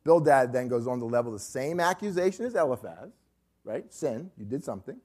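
A man's voice: mid-range voice, animated, fairly quick, darkish tone, slightly rough. A man teaching a Bible study class, emphatic and repeatedly checking in with his listeners.

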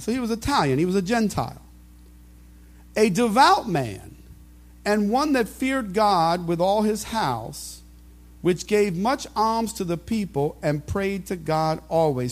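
A man preaching with a very high, strongly animated voice. He reads scripture quietly, then works himself up to loud, fervent rhetorical questions. His delivery keeps swinging between calm reading and impassioned calls. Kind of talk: sermon.

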